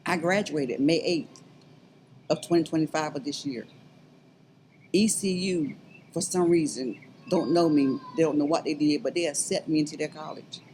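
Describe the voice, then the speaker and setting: A middle-aged woman, telling her story as an interview guest in earnest, halting speech that builds to fervent urging. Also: low voice, darkish tone, slight background noise, rough recording. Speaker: interview guest, abuse survivor. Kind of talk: emotional personal testimony.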